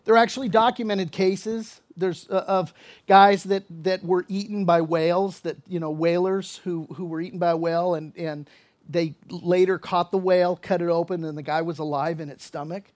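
High-voiced pastor preaching casually. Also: male voice, fairly even intonation, moderate pace, darkish tone. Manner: casual, conversational preaching with asides and acted-out dialogue. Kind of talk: expository sermon.

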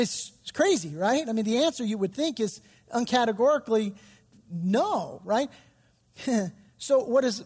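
A man's voice: very high voice, darkish tone, long reverb tail. A man pastor giving a sermon, retelling scripture in casual, slangy storytelling.

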